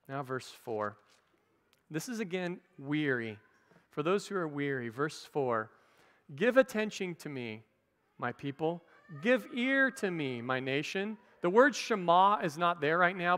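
In a church hall, a pastor teaches his sermon conversationally, tossing playful asides to the congregation. His voice is a little high and fairly bright, carried over a church livestream with long reverb.

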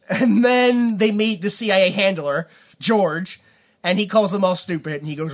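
A man's voice: high voice, measured pace, pauses often. A man co-hosting a podcast, recapping a movie in a rambling, jokey way and breaking into silly voices. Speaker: podcast co-host.

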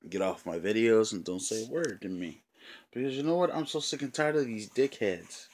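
A man ranting on his own video channel in an angry, profane, repetitive way, often clearing his throat. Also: on the low side, lively intonation, brisk, darkish tone, slight background noise. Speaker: channel owner. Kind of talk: angry vlog rant.

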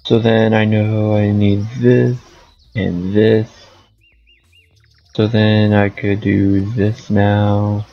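A man's voice: on the low side, little pitch movement, drawn-out words, highs cut off, soft background music. A man giving casual gameplay commentary as a streamer, rambling and thinking aloud. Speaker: gaming streamer.

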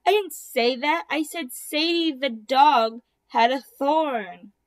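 A woman voicing an excitable, gossipy hen in a read-aloud storybook, exclaiming indignantly. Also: high-pitched, slow pace, dry recording. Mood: eager.

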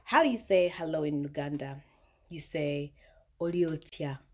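A woman's voice: low-pitched, lively intonation, moderate pace. A young woman from Uganda with a British South London accent, chatting playfully in a casual vlog and laughing often. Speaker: vlogger.

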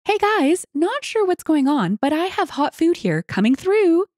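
A woman voices a harried young server carrying hot plates, her voice pitched very high and chirpy. The lines bounce around a lot, and the recording is dry. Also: very animated, unhurried, a little mellow, no room sound, exaggerated voice. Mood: hurried. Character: busy young female restaurant server.

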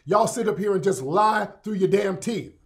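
A man holds forth in a heated monologue, speaking straight to his audience with a confrontational edge. His voice sits a little on the high side for a man, and he leans on repeated phrases to drive his points home. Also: moderate pace. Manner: heated, confrontational, repetitive addressing. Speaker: show host.

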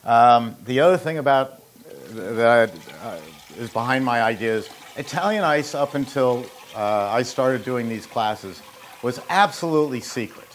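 A man's voice: medium pitch, animated, measured pace, slight background noise. Rambling man telling business stories. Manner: rambling, anecdotal, with joking asides. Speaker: host and ice machine maker. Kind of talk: casual instructional talk.

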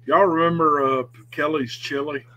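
A man's voice: a little high, fairly even intonation, moderate pace, sharp tone, low-quality recording. A man chatting casually on a podcast, talking about doing character voices with some self-doubt. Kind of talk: casual chat.

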